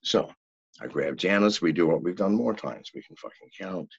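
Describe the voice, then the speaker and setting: An older man telling a story as a podcast guest, in a profane, animated way. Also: low voice, normal speed, vocal fry, background noise. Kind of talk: casual storytelling. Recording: dull, lo-fi, dry sound.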